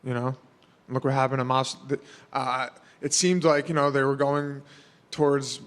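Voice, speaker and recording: A man's voice: mid-range voice, little pitch movement, normal speed, a bit bright, long reverb tail. A man, answering press questions in a casual, rambling way full of fillers. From New York. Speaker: fighter.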